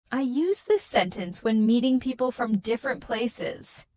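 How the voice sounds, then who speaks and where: A young woman teaching a beginner English lesson with slow, clear and encouraging delivery. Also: fairly high pitch, no room sound.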